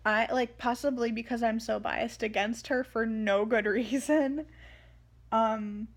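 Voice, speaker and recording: A young woman giving casual commentary on a book she is reading, rambling and excitable with many fillers. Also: a little high, unhurried. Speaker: reader and commentator.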